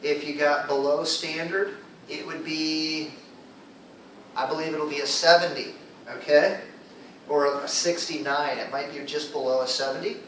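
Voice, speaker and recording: A man's voice: on the high side, fairly even intonation, unhurried, fairly bright tone, recorded from a distance, a little hiss or hum. Man teaching in an echoey classroom. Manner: explains patiently, checks in with students often. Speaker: ESL teacher.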